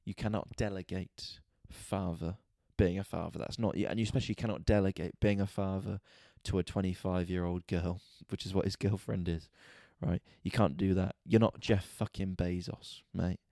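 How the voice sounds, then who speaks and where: Speaking at a moderate pace and hardly pausing, a comedian and podcast host vents through a casual story packed with swearing. He sounds exasperated and animated, with a soft, mellow, fairly low voice touched by vocal fry. The close, dry recording has no echo.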